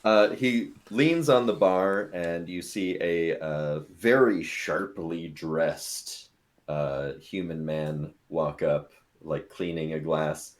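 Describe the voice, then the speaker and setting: A man with a very low voice narrates a tabletop game as its game master. He talks in a relaxed, casual way, with a lot of small fillers. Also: takes it slowly.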